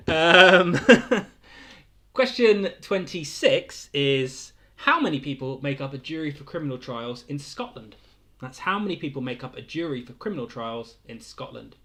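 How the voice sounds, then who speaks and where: A man's voice: fairly high pitch, expressive, unhurried, sharp tone. A young man casually hosting a weekly livestream quiz, rambling between questions and chuckling often. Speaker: quiz host.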